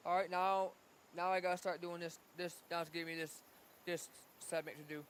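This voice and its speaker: A man's voice: fairly high pitch, level tone, fairly quick, fairly bright tone, slight background noise. A man streaming casually while practicing a language app, sounding out words again and again and getting easily frustrated with himself. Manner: sounds out foreign words over and over, talking to himself; easily frustrated, self-deprecating.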